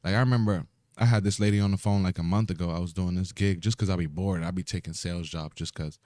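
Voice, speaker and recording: A man's voice: low-pitched, steady tone, fast, darkish tone, no echo, clean studio sound. A man with a New York accent in casual podcast chat, laid-back and slangy, acting out phone calls as he tells stories. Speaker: podcast co-host. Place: podcast studio.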